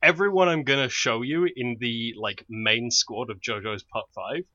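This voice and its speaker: A man's voice: mid-range voice, moderate pace, sharp tone, no room sound, lo-fi sound. A man hosting a casual podcast chat, explaining with enthusiasm and laughing often. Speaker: podcast host.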